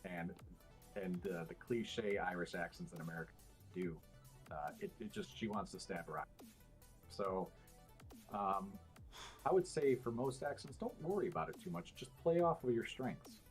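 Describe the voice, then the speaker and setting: A podcast guest with a deep voice talks at a moderate pace, with faint music behind him. In casual conversation he explains things at length, using lots of fillers and restarts.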